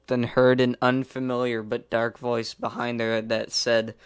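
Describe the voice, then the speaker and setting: A man's voice: mid-range voice, completely flat delivery, unhurried, clear, resonant tone, no echo. A man casually reading fan fiction aloud, giggling and rambling in asides, some whispered. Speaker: reader.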